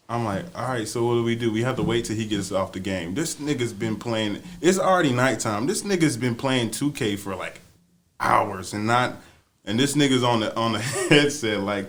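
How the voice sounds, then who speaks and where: This podcast co-host has a fairly low voice and keeps a moderate pace. Telling a story on the casual show, he laughs a lot and animatedly acts out what people said.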